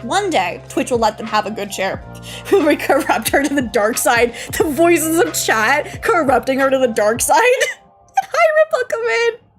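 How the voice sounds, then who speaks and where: A woman's voice: high voice, sing-song, unhurried, faint music behind. A woman streamer chatting casually on a live stream, bubbly and giggly, greeting and thanking viewers one by one.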